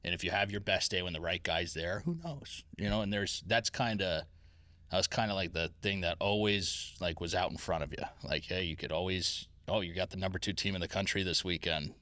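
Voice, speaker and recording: A man who coaches pitching, telling stories in a casual podcast chat, self-deprecating and reflective. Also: brisk, pushed and bright, dry recording.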